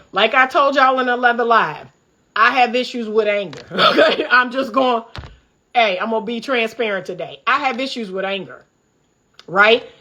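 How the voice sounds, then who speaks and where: A woman's voice: on the high side, sharp tone. A middle-aged woman from the Washington D.C. area, hosting a livestream, talking in a fired-up, preachy and candid way. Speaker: relationship coach and host. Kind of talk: livestream commentary monologue.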